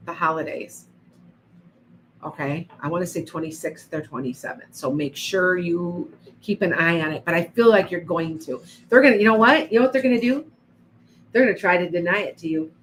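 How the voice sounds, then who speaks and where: A woman's voice: fairly low pitch, a bit bright, slight background noise, low-quality recording. A woman doing psychic readings on a livestream, chatting to viewers by name with frequent restarts. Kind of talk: live-stream reading and chat.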